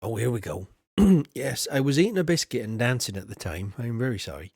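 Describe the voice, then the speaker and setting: Casual male streamer, mid-range voice, dry and close, rambling chat with frequent throat clearing. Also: medium pitch, expressive, brisk, a little mellow, dry recording. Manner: rambling and chatty, often clears his throat. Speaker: game streamer. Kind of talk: casual live-stream commentary.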